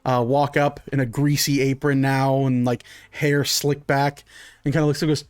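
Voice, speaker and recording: A man's voice: medium pitch, flat delivery, moderate pace, clear, resonant tone, dry recording, clean studio sound, soft background music. A man narrating as game master of a tabletop game, casual and loose, with a lot of likes and uhs.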